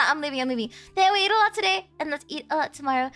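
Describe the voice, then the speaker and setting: A woman's voice: sits high, quick pace, hardly any pauses, a bit bright, faint music behind. A woman streamer chatting casually with her viewers, playful and teasing, often giggling.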